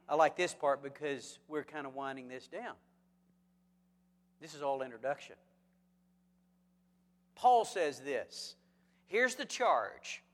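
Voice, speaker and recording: Man, preacher, higher-pitched voice, lively rhetorical questions, joking asides, long reverb in a church hall. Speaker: pastor. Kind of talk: sermon.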